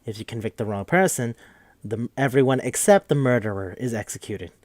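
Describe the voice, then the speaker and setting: A man's voice: medium pitch, expressive, fairly quick, darkish tone, no room sound. A man hosting a podcast, recapping a game in a rambling, joking, profane casual chat. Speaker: podcast host.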